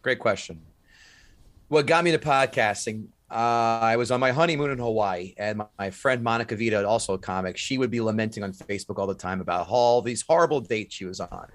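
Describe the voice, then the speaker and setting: Animated male stand-up comic telling stories. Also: lowish voice, brisk. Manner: animated storyteller, acts out voices. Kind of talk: casual storytelling chat.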